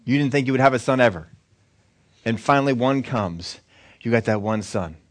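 A man preaching a sermon as a pastor, animated and acting out the quotes he tells. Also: medium pitch, moderate pace.

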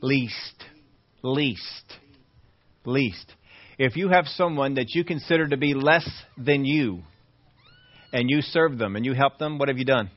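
A man's voice: medium pitch, measured pace, pauses often, no echo. Male pastor, sermon, rhetorical questions, dry muffled lo-fi recording. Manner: preaching with rhetorical questions to the congregation. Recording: dull, dry lo-fi sermon audio.

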